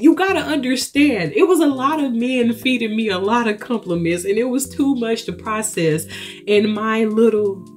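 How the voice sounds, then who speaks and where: Giggly woman gushing through a storytime. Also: mid-range voice. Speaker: vlogger. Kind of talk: casual storytime chat.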